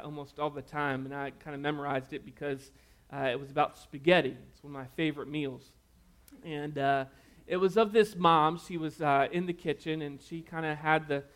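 A man preaching a conversational sermon, telling folksy stories and dropping to a quiet, earnest tone to pray. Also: a little high, smooth. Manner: folksy storytelling, drops to a hush for prayer. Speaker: pastor.

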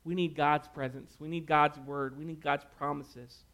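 Folksy preacher with a higher voice. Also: male voice, fairly even intonation, moderate pace. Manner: folksy storytelling, drops to a hush for prayer. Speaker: pastor. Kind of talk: conversational sermon.

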